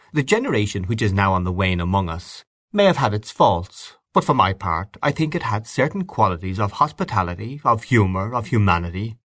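Man doing a moody husband, low, clipped, cool, dry sound. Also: fairly bright tone, no echo. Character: proud, touchy middle-aged husband, curt and moody.

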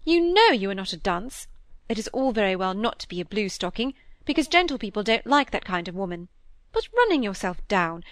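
A woman reading the part of a fussy, vain middle-aged Victorian stepmother, fretful and a little higher in pitch. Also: no echo, lightly acted. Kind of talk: audiobook character reading.

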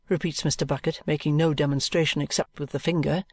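A man reading a classic novel aloud as an audiobook narrator, in measured, even storytelling. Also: a little high, dry recording.

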